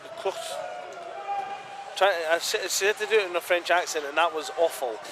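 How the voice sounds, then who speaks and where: A British man calls an ice hockey game play by play in a fairly high voice, snapping out names and plays. His calls leap into excited shouts whenever a chance comes. The feed carries clear background noise from the rink. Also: fast talker. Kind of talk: live play-by-play commentary.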